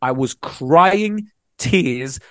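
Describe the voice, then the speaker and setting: A man's voice: medium pitch, very slow, no echo, clean studio sound. A young man, a comedian telling stories in a casual chat, full of slang. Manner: animated storytelling with slang. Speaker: comedian, podcast co-host.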